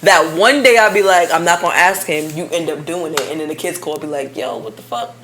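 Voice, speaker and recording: A woman co-hosting a casual relationship podcast, animated and blunt, acting out both sides of conversations. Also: low voice, a little fast. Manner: blunt, swears freely. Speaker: podcast co-host.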